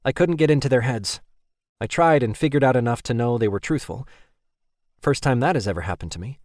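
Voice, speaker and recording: A man voicing an anxious young man who talks quickly and apologetically. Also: medium pitch, animated, a little mellow, no echo, studio quality, close to an everyday voice. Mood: lively. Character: earnest young man, anxious and eager to please.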